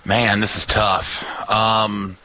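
A man's voice: lowish voice, level tone, very slow, pushed and bright, poor audio. A man who is a game show contestant, joking and playful while he answers.

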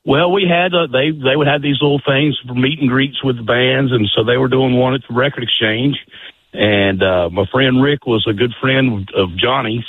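A man calling into a radio show, telling stories in a halting way with many pauses and restarts. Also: mid-range voice, husky, no room sound. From North Carolina. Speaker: radio caller. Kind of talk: casual phone chat. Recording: dry tinny phone line.

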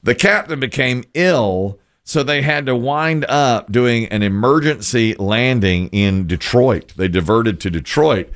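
A man hosting a talk show, telling stories in an animated, self-mocking way. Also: medium pitch, measured pace, few pauses. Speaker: radio show host. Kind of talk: casual storytelling chat.

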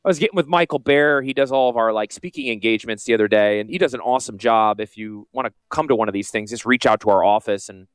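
A man with a Northern US Yankee accent, a financial advisor hosting a casual promotional podcast with salesy, jokey asides and a high-pitched voice. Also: fast talker, hardly any pauses, smooth, no room sound. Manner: self-described high-pitched voice. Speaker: financial advisor and radio host.

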